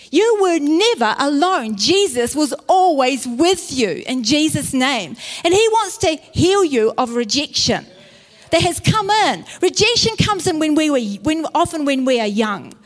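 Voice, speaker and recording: A woman pastor with a New Zealand accent preaching a sermon, earnest and repeating phrases for emphasis. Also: fairly high pitch. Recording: long church hall reverb.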